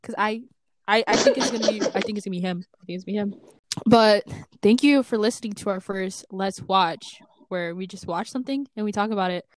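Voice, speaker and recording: A young woman co-hosting a podcast in casual chat, excitable and laughing often. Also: mid-range voice, brisk, a little hiss or hum. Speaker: podcast co-host.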